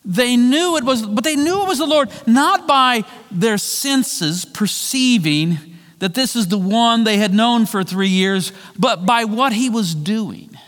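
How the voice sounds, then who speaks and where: Guy preaching, high voice, tells the story and does the voices, big hall echo. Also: animated, a little slow. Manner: storytelling, acts out quoted voices, shifts from loud to hushed. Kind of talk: sermon. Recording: long hall reverb.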